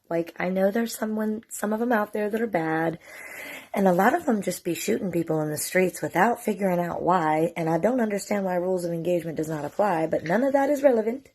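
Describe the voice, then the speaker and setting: A woman's voice: on the low side, fairly quick, darkish tone. A middle-aged woman, telling a personal story to camera in a candid, emotional, profane way. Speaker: mother telling her story.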